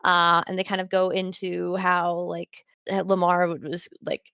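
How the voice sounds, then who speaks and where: A woman's voice: on the low side, level tone, measured pace, vocal fry, few pauses, pushed and bright, no room sound. A woman co-hosting a podcast, casually retelling scenes with quoted lines and lots of fillers. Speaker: podcast co-host. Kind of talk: casual TV recap chat.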